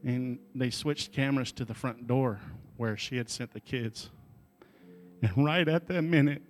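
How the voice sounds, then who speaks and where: A man's voice: mid-range voice, measured pace, faint music behind. A male pastor delivering a sermon at a church service, telling an emotional story and moving into fervent prayer.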